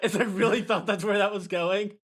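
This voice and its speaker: A man's voice: high-pitched, fairly even intonation, a little fast, a bit bright. A young man co-hosting a podcast, chatting casually and dropping dry, joking remarks. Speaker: podcast co-host. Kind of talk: casual chat.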